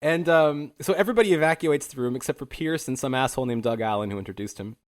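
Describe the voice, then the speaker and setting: A man's voice: mid-range voice, fast. A young man hosting a podcast, narrating history in a loose, wry way with plenty of fillers and small laughs. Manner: casual and wry, with many fillers and chuckles. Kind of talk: casual chat.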